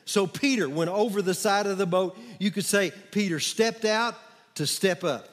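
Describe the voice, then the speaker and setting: A man preaching a sermon as pastor, animated and calling on the congregation to answer back. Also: sits high, moderate pace. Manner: animated, calls for congregation responses. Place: church sanctuary. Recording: church hall with long reverb.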